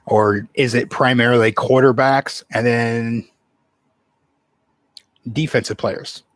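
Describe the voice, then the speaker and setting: A man's voice: mid-range voice, fairly even intonation, slow pace, dry recording. A man hosting his own sports channel, talking casually in a rambling way full of fillers and restarts. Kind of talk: casual solo sports commentary.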